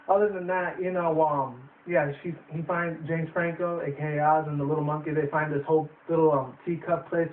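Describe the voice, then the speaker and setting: A man's voice: a little high, distant mic, a little hiss or hum. A young man reviewing a movie in a rambling casual way, swearing often and using lots of fillers. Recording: tinny phone-like roomy sound from afar.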